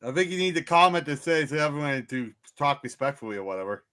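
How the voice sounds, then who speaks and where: A man's voice: on the high side, animated, fast talker, fairly bright tone, smooth. A man chatting casually as a panelist on a sports show, upbeat and playful.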